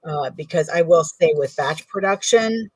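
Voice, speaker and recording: A woman's voice: low voice, lively intonation, normal speed, slightly rough, no echo, distant mic, rough recording. A woman in a casual sewing tutorial, rambling and correcting herself as she works. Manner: chatty, rambling, self-correcting while working. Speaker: bag maker demonstrating sewing.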